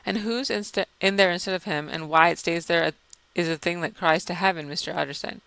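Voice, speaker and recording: A man's voice: sits high, brisk, creaky, sharp tone, clear, resonant tone, no room sound, exaggerated voice. A man voicing an anxious, deferential male butler in an audiobook reading. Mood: urgent. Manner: urgent, shaken, deferential.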